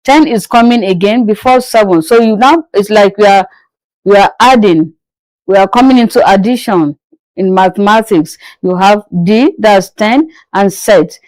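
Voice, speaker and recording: A woman teaching French numbers in a slow language lesson, patiently repeating each word several times. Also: mid-range voice, a little mellow, dry recording, poor audio.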